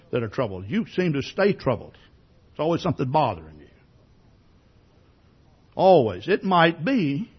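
A man preaching a sermon with a husky, slightly high voice whose pitch swings freely. He talks to the congregation conversationally, firing off rhetorical questions and stumbling over repeated words as he starts a sentence. The recording sounds dull and lo-fi. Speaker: pastor.

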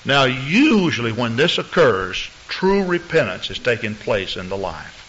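A man preaching a sermon as pastor, telling stories in an animated way and acting out the people in them. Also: mid-range voice, unhurried, a little hiss or hum. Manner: animated storytelling preacher, acts out voices. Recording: muffled lo-fi recording.

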